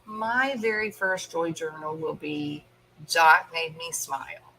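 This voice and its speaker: A woman hosting a casual live stream, chatting with her viewers by name in an animated way and often laughing. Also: low voice, takes it slowly, slight background noise. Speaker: host.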